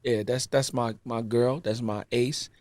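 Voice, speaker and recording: A man's voice: medium pitch, steady tone, unhurried, a little mellow, no echo. A man co-hosting a podcast, telling a personal story in casual chat with easy slang and an earnest tone. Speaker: podcast co-host.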